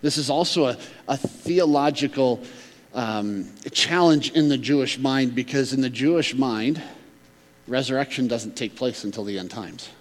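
A man preaching a sermon, swinging between emphatic loud stretches and hushed near-whispers. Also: medium pitch, moderate pace, long reverb tail. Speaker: pastor.

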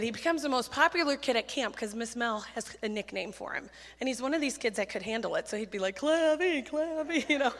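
A woman giving a sermon full of stories, talking in a chatty, animated, self-deprecating way with quick asides on a handheld mic in a church. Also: a little high. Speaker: children's ministry speaker. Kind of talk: sermon with storytelling. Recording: church hall reverb.

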